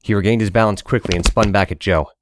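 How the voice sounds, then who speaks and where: Deep-voiced man reading a story. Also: fairly even intonation, quick pace, noisy background. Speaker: narrator. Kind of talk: audiobook narration.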